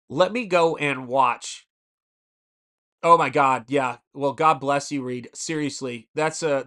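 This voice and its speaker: A man's voice: fairly high pitch, bright, forceful tone, clean tone. A man in his forties hosting a casual live stream, telling rambling stories and stopping to answer the chat. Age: 40s. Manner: rambling storyteller who answers chat mid-story.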